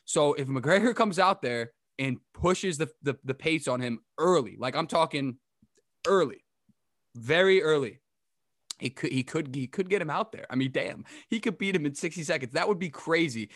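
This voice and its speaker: A young adult man hosting a casual sports update to camera, rambling and chatty with quick asides. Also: a little high, lively intonation, a bit bright, dry recording, clean studio sound. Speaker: podcast host giving a sports update.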